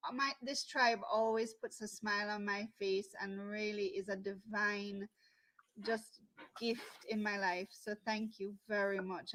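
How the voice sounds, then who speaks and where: A woman's voice: medium pitch, a bit bright, low-quality recording. A woman from Canada, an author and speaker, thanking the group in casual chat. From Canada, by way of Jamaica. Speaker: guest co-host, author and speaker.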